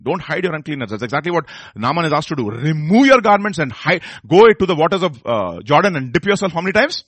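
Male preacher, fairly high and very animated voice, emphatic, questioning the audience, dry sound. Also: quick pace, husky, no room sound. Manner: swings from loud emphatic bursts to hushed low intensity; repeats and restarts phrases, asks the audience questions. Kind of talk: sermon.

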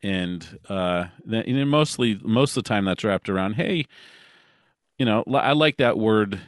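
A man's voice: lowish voice, animated, measured pace, no room sound, clean studio sound. A man co-hosting a podcast in casual chat, talking earnestly and with many fillers. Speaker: podcast co-host.

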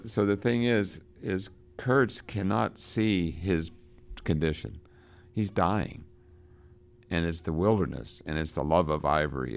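A man with a very low, deep voice works through a novel, reading passages aloud and then pausing to explain them. Between readings he talks haltingly, with many fillers and restarts, and his voice rises and grows louder when he reads the text. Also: gravelly.

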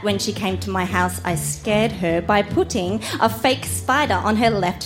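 A woman's voice: mid-range voice, unhurried, loud music behind the voice. A woman reading her childhood journal aloud, amused and laughing through it. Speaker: reader on a storytelling show.

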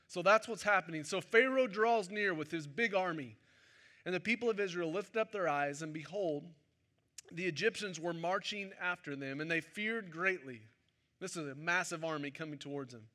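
A man's voice: sits high, normal speed, bright, forceful tone. A man preaching a sermon to his congregation in a church service, talking in a conversational way and joking with the people in front of him. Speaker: pastor.

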